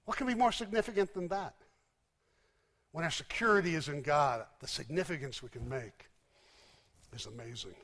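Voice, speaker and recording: Man, sermon, emphatic storyteller, hushed endings, slightly high voice, big reverberant church. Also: normal speed, long pauses. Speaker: preacher. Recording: long hall reverb.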